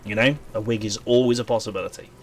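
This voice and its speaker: A man's voice: on the low side, steady tone, quick pace, a little hiss or hum. A man with a Welsh accent chatting casually with viewers while streaming a game, rambling and thinking aloud. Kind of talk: casual live-stream chat while gaming.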